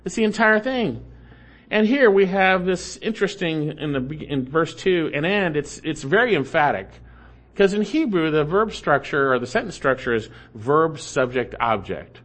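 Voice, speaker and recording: A man with a fairly high voice preaches an expository sermon. He works through the text line by line, pauses to explain Hebrew grammar, and drives his points home by repeating short phrases with growing force. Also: lively intonation, a bit bright. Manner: emphatic, repeats key phrases with rising force. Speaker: pastor.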